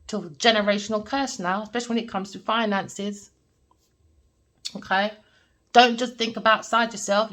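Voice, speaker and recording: A woman talks through a tarot reading in a lively, emphatic manner, often checking in with "all right?" Her pitch sits mid-range for a woman, and she speaks plainly and directly, as if telling a story to friends. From Jamaican family background. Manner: animated, emphatic, repeats points with "all right?". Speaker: tarot reader.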